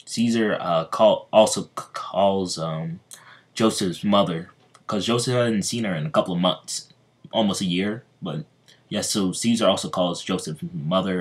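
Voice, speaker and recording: A man's voice: low voice, slightly rough. A young man casually retelling a story, hesitant, with many ums and restarts. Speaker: fan video creator.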